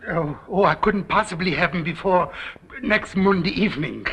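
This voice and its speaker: A fussy, pleading tailor. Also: male voice, sits high, animated, moderate pace, a bit bright, slightly rough, dull audio, full character voice. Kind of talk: 1930s film acting.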